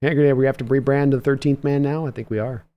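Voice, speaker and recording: A man hosts a casual livestream and reads viewer comments aloud. His talk is chatty and loose, and he chuckles often at mid pitch. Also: steady tone, fast, clear, resonant tone, lo-fi sound. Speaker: host.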